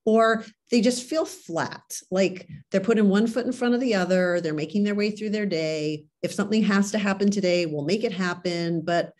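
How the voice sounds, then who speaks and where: A woman's voice: mid-range voice, darkish tone. A woman doctor speaks as a podcast guest in a mid-range voice. She talks earnestly and casually, with frequent "like" and "right". Her tone is conversational throughout.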